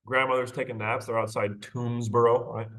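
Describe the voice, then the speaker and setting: Guy lecturing on a short story, laid-back, keeps asking right? okay?, mid pitch. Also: little pitch movement, normal speed, fairly bright tone, rough recording. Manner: casual, rhetorical questions, frequent "right?" and "okay?". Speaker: teacher. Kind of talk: literature lecture, reading aloud and discussing.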